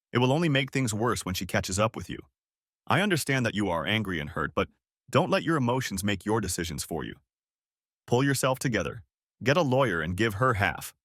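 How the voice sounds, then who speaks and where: A man voicing a blunt male friend who firmly advises him to stay calm. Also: fairly low pitch, a little fast, breathy edge, no room sound, studio quality, exaggerated voice. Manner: firm, advising. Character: blunt, practical male friend giving advice.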